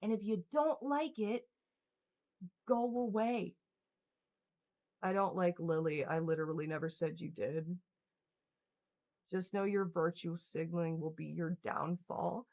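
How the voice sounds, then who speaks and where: A woman's voice: fairly low pitch, fairly even intonation, measured pace, long pauses, darkish tone. Furious profane woman ranting on a stream. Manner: profane, heated, sarcastic. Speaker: livestreamer. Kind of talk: angry livestream rant reading chat. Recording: dull lo-fi stream audio.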